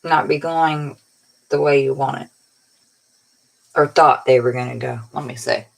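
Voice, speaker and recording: A woman's voice: a bass voice, fairly even intonation, a little slow, gravelly, low-quality recording. A woman tarot reader giving a casual, rambling spiritual pep talk in a colloquial way, sounding tired. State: tired, yawning.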